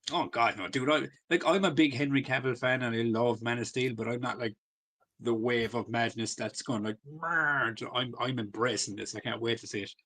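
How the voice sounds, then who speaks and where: A man's voice: medium pitch, steady tone, brisk, fairly bright tone. A man, co-hosting a podcast in loose, sweary casual chat full of fillers. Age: 40s. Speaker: podcast co-host.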